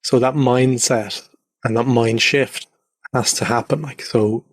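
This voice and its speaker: A man's voice: mid-range voice, fairly even intonation, measured pace, dry recording, studio quality. A man guest talking loosely and reflectively with many fillers, from his converted attic at home. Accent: Irish. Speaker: podcast guest. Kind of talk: casual conversational interview.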